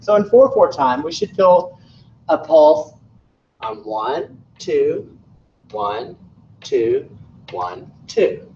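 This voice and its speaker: A man teaching a music lesson, counting out beats and singing rhythms on "da" between explanations. His voice sits a little high and comes from a distance in a roomy, echoing classroom. The recording is dull, with a faint hum of room sound behind. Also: dark tone.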